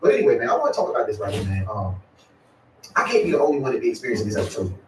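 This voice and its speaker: Rambling fast-talking man, roomy distant sound. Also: mid-range voice, huge pitch swings, a little hiss or hum. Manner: rambling, repeats "y'all" and "you know what I'm saying". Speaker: vlogger. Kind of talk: casual chat to viewers.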